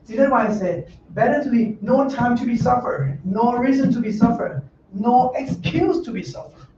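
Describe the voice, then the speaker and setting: High-voiced monk, roomy and distant. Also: male voice, expressive, moderate pace, mellow. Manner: blunt, joking, broken English with laughs. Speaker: monk teaching a Dhamma class. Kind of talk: informal dharma talk. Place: meditation center hall. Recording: roomy, distant, dull mic with faint noise.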